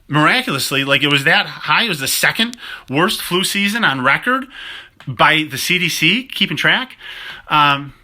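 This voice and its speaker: Man, phone livestream, emphatic, rhetorical questions, forceful tone. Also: a little high, expressive, moderate pace. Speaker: chiropractor. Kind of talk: casual livestream talk to viewers.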